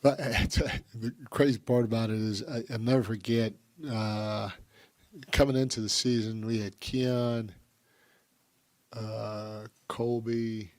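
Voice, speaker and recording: A man, a basketball head coach, answering questions at a press conference in a halting, earnest way, with frequent restarts. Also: mid-range voice, a little mellow.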